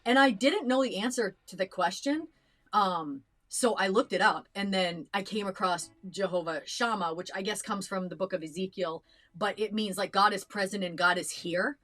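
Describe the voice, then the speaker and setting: A young adult woman co-hosting a reaction channel tells a personal story in casual chat, earnest and chatty with lots of fillers and restarts. She speaks at a moderate pace in a mid-range, fairly bright voice.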